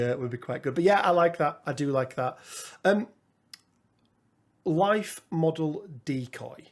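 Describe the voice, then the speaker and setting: A man's voice: fairly high pitch, a little mellow. A man co-hosting a casual gaming podcast, thinking aloud with fillers and restarts. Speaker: podcast co-host.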